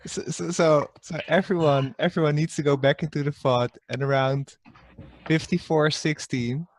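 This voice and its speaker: A man's voice: on the high side, fairly even intonation, moderate pace, dry recording. Chatty laughing young man, dry sound. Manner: laughs a lot, stumbles and restarts while telling stories. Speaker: streamer and mafia player. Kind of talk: casual chat on a live stream.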